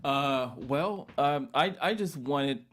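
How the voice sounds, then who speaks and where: A man's voice: medium pitch, lively intonation, takes it slowly, a bit bright, slight background noise. A man interviewed about his series, speaking hesitantly with many restarts. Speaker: series creator and director. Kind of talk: casual interview chat.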